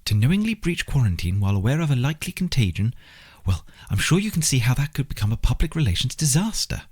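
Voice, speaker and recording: A man's voice: mid-range voice, very animated, quick pace, darkish tone, slightly rough, pitched above the performer's own voice. A man reading an audiobook, voicing a nervous young woman who works in public relations, talking in an eager, anxious rush. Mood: earnest.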